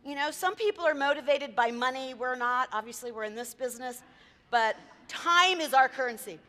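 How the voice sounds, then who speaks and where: Female speaker, high and bright, chatty talk to a meeting crowd, hall reverb. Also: normal speed. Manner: chatty, quizzes the audience, tells anecdotes. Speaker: event planner giving a talk. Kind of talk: lively presentation to a live audience. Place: meeting room with audience.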